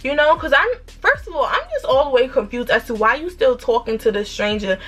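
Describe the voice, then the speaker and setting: A woman in her twenties with a New York accent, telling a storytime vlog in an animated, emphatic way with rhetorical questions. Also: high voice, a little fast. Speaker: vlogger.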